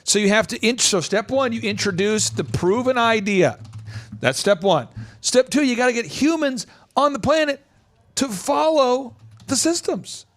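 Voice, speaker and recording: Brief: energetic male business coach hosting, high lively voice, pushes hard with questions. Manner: animated, emphatic, rapid-fire rhetorical questions. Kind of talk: energetic podcast talk.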